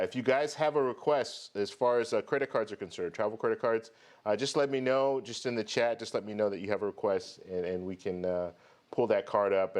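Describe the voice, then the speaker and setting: A man hosts a live stream for his travel credit card channel, chatting casually about travel rewards and greeting viewers by name one at a time. His voice is lowish with a darkish tone.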